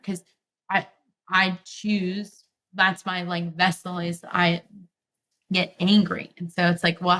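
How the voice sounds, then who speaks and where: A woman's voice: fairly low pitch, a bit bright. A woman guest on a podcast, talking candidly and reflectively about her relationship, with frequent "like" fillers.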